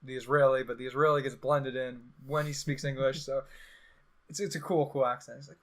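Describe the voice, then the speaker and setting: A man's voice: medium pitch, fairly quick. A young man hosting a podcast, telling a rambling story in casual chat and acting out the quotes with sarcasm. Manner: animated, acts out quotes with sarcasm. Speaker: podcast host.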